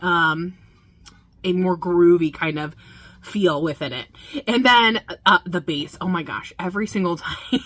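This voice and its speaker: A woman's voice: fairly low pitch, sharp tone, dry recording. A woman hosting a music video reaction, talking casually and gushing with enthusiasm, full of fillers.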